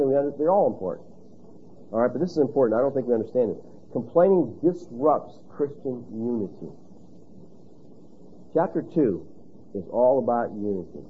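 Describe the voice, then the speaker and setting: A man's voice: medium pitch, lo-fi sound, slight background noise. A male pastor preaching a sermon emphatically, stressing key points and asking rhetorical questions.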